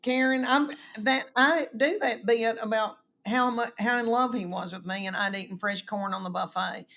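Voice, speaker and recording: A middle-aged woman, telling animated stories and acting out quoted voices in a casual chat. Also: a little high, moderate pace. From East Tennessee, US. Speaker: comedian guest.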